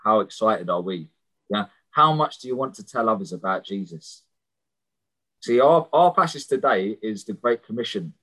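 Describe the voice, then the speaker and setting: Sharing his own testimony in a sermon, a man who ministers in prisons speaks earnestly and conversationally, frequently repeating words at the start of phrases. His voice is fairly low with a sharp tone. The audio quality is low.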